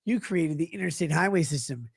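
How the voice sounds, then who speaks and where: A woman's voice: sits low, animated, a little fast, creaky, slightly rough, dry recording. A woman in her thirties co-hosting a casual podcast, rambling through absurd jokes with laughs. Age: 30s. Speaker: podcast co-host. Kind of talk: casual comedic chat.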